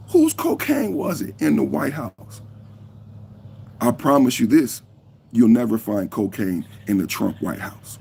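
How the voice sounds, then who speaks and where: A man of fifty hosting a live podcast, reacting heatedly, cursing and shouting at trolls in the chat while he holds his phone. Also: mid-range voice, big pitch swings, moderate pace, vocal fry, a little hiss or hum. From United States. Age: 50s. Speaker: podcast host. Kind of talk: live-stream reaction talk. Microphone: phone held in hand.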